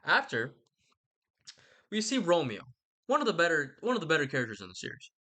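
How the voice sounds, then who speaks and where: A man's voice: on the high side, huge pitch swings, fairly quick, pushed and bright. A young man giving a rambling, casual retelling of a story, irreverent and slangy, swearing and interrupting himself. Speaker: channel host.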